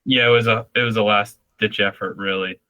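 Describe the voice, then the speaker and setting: A man's voice: lowish voice, steady tone, a little fast, pushed and bright, no room sound, highs cut off. A young man, a guest on a podcast, recounting a hunt in a plain, matter-of-fact way. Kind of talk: casual storytelling.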